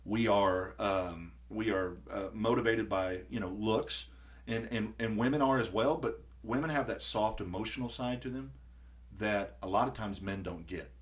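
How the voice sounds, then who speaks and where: A man hosting a podcast in casual conversation, who tells stories with lively acted-out quotes and frequent restarts. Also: fairly low pitch, normal speed. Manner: animated storyteller acting out quotes. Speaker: podcast host.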